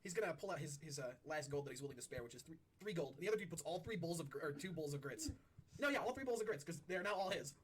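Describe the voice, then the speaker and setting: A young man acting as game master, narrating a pirate tabletop game with lively swearing. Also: on the high side, racing, breathy edge.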